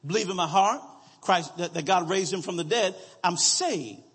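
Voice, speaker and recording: A man preaching a sermon, slowly reading scripture aloud and calling out to his congregation for answers. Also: high-pitched, a bit bright, breathy edge, in a large hall.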